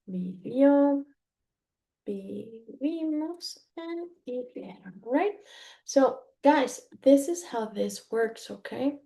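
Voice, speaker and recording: Woman from Mexico, language teacher; mellow tone, unhurried, patient explaining. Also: a little high, gravelly. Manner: patient, repeats "okay?" after each point, slow and careful. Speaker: Spanish teacher. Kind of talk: explaining grammar to learners.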